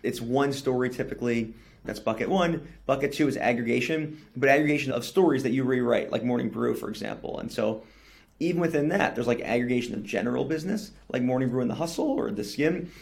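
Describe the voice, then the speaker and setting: A young man talks through business questions in a fluent, matter-of-fact way as a podcast guest. His voice has a gravelly edge and sits at an ordinary pitch. He often punctuates his points with a quick "right?". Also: darkish tone. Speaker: newsletter company CEO, guest. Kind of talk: podcast interview answers.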